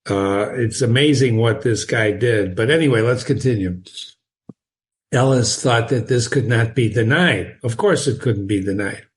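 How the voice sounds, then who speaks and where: A man teaching his way through a classic novel, pausing to explain words and ideas. He is chatty and encouraging, wanders off on tangents and chuckles often. His voice sits at an average pitch.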